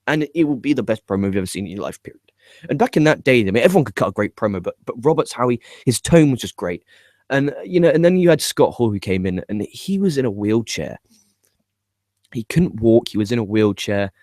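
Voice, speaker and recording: A young man with an excitable manner, swearing often, stumbling and repeating words as he gives his opinions. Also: mid-range voice, brisk, no room sound, clean studio sound. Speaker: wrestling podcast host. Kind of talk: casual video commentary.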